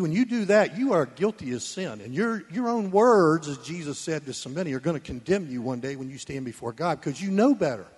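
A man preaching a sermon, blunt and folksy, swinging between loud emphasis and soft asides. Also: fairly high pitch, lively intonation, fairly quick, few pauses, breathy edge. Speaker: pastor. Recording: long reverb of a church hall.

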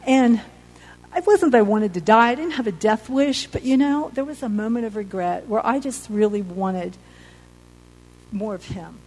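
A woman telling her personal faith testimony about surviving an accident, earnest and halting, sometimes emotional. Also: on the high side, darkish tone, husky, low-quality recording.

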